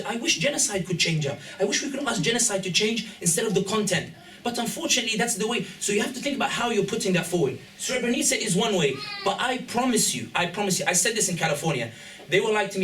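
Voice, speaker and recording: A high-voiced man tells stories to an audience, jokey and animated, acting out each line of quoted dialogue. He is picked up from a distance in an echoey hall, with a faint hum underneath. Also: quick pace. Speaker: event speaker. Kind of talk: humorous storytelling talk.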